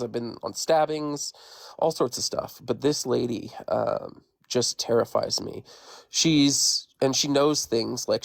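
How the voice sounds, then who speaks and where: A man's voice: mid-range voice, vocal fry, dry recording, clean studio sound. A man, a guest on a live stream, casually retelling a ghost story in a rambling, conversational way.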